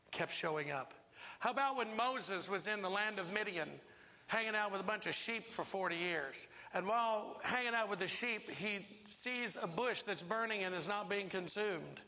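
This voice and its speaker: Man preaching in a church, high bright voice, keeps asking the crowd stuff, echoey hall. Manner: emphatic, asks the congregation questions. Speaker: pastor. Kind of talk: sermon. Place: church sanctuary.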